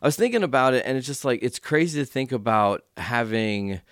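A man's voice: medium pitch, expressive, fairly quick, a bit bright, dry recording, clean studio sound. A man interviewing a guest, prompting him with short, encouraging replies. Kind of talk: casual interview.

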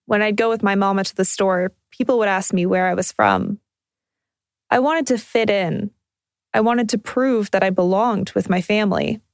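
A woman with a Canadian accent, calmly telling a personal documentary story in scripted narration. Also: medium pitch, moderate pace, no echo. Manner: calm, reflective storytelling.

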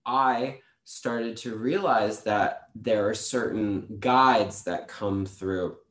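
A man who is a guest on a podcast, telling spiritual stories in a halting way with many restarts. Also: lowish voice, a bit bright, reverberant. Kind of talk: casual spiritual storytelling.

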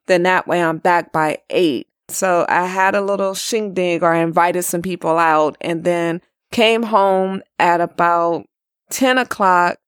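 A woman's voice: lowish voice, no echo, clean studio sound. A woman hosting a podcast, chatting casually about her weekend and then recapping race results. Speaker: podcast host.

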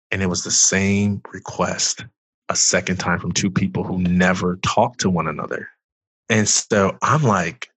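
A man, a former athlete and author, earnestly telling his personal story as a guest, loose and full of "like", turning loud when he acts out past outbursts. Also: deep voice, measured pace, breathy edge, dry recording. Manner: earnest, loose, heavy use of "like".

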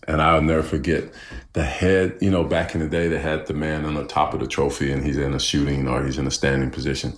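Very deep-voiced middle-aged man. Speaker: interviewee, former player. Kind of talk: casual recollection.

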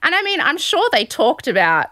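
A woman podcast host recapping a reality show in animated casual chat, laughing often. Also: sits high, moderate pace, no echo.

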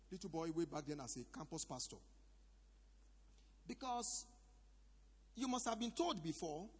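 A man's voice: high voice, husky. A man with a Nigerian accent preaching a sermon as pastor in a church hall, calling out questions for the congregation to answer. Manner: preaching with shouted call-and-response. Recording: reverberant hall.

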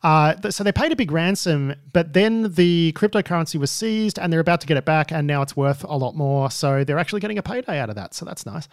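A man's voice: on the high side, lively intonation, quick pace, few pauses, no echo, studio quality. A man hosting a news podcast, chatting casually and wryly, with many fillers. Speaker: podcast host.

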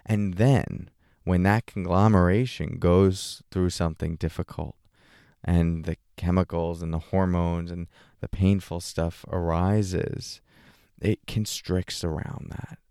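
A man with a low, gravelly voice leads a reflective talk on meditation. He keeps asking questions and answers them in the voice of an imagined listener. His tone stays mellow and close, in a dry, dead room. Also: slow pace, no echo. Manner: questioning, talks back and forth with an imagined listener; relaxed and casual, light laughs. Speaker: meditation teacher.

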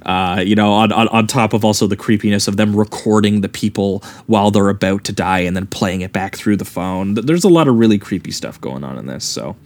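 A man's voice: lowish voice, a little fast, few pauses. A man co-hosting a film podcast, talking casually and rambling with many fillers and restarts. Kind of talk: casual film review chat.

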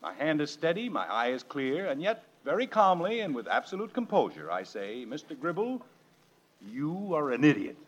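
A man's voice: mid-range voice, big pitch swings, brisk, a bit bright. An actor playing a harried family father in a 1950s radio comedy, emphatic and exasperated. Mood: mock calm. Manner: exasperated, emphatic, bursts into giddy laughter. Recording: old radio broadcast with faint hiss.

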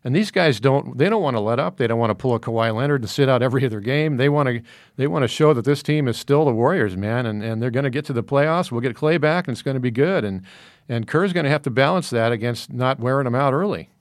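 A man's voice: medium pitch, animated, fast talker, no echo, clean studio sound. A man talking through basketball analysis in casual discussion, rambling with many fillers and restarts.

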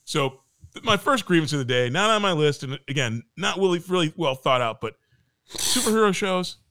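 A man's voice: fairly high pitch, lively intonation, brisk, a bit bright. A man co-hosting a casual podcast chat and ranting animatedly, with some profanity. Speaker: podcast co-host.

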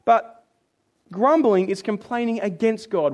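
A man preaching a sermon in an animated way, acting out complaining voices and dropping low and quiet for scripture readings. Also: moderate pace.

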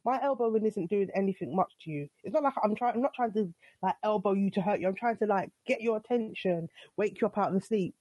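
A woman's voice: mid-range voice, brisk, mellow, no echo. A young adult woman telling her side of a story in a casual, exasperated way, acting out what was said. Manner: exasperated, retelling with quoted dialogue.

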